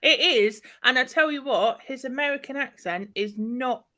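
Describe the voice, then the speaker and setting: A woman's voice: high voice, moderate pace, sharp tone. A woman on a comedy panel, chatting casually and teasing the others.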